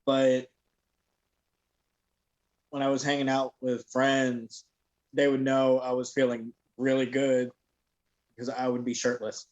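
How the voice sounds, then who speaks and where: A man with an ordinary mid-range voice, chatting casually on a stream from his home setup. He sounds relaxed and laid-back, dropping in dry jokes. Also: mid-range voice, slow, pauses often, lo-fi sound. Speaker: gaming streamer, co-host. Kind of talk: casual chat.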